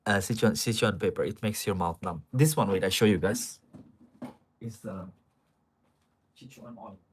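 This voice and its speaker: Chatty low-voiced male streamer. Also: moderate pace, husky. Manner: chatty, talks straight to viewers with many fillers. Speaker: live streamer. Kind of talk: casual live-stream chat.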